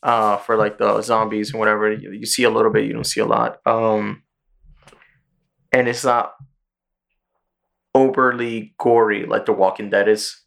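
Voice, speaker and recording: A man with a slightly low voice hosts a podcast in easygoing chat. He walks through a show's plot in a loose, rambling way, peppered with profanity. He sounds relaxed and conversational. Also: normal speed, gravelly, long pauses. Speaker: podcast host. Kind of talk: casual chat.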